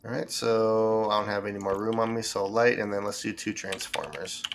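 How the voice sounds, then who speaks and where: A man with a low, gravelly voice talks through his game while he plays, thinking aloud with plenty of ums and restarts. His commentary is easygoing and unscripted. A faint hiss of noise sits under the voice. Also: steady tone, moderate pace. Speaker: game streamer. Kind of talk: casual gameplay commentary.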